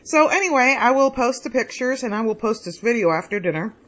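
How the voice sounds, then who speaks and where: A woman's voice: on the high side, expressive, brisk, fairly bright tone. Chatty woman home cook, dull recording. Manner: chatty, rambling, tastes food on camera with lots of mm's. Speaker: home cooking vlogger. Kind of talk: casual cooking vlog chat. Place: home kitchen.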